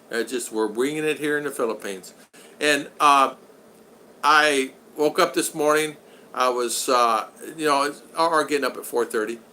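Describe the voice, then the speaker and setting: A man's voice: mid-range voice, sharp tone, a little hiss or hum, low-quality recording. An older man hosting a live stream, chatting loosely and greeting viewers by name as he rambles. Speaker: vlog host reading live chat. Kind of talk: casual live-stream chat.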